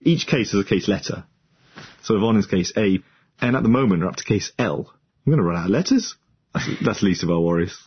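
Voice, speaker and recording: A man's voice: on the low side, expressive, fairly quick, slightly rough, no room sound, lo-fi sound. A man lawyer speaking in an informal, chatty way during an interview. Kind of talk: interview, casual explanation.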